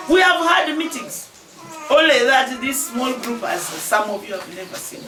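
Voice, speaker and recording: A high-pitched Ugandan woman in her forties exhorting a crowd, her voice loud and animated with laughter. She is caught from a distance in an echoey space, with noise around her. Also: normal speed. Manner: emphatic, exhorting, often raising her voice with laughter. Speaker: member of parliament. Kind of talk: public speech to a crowd.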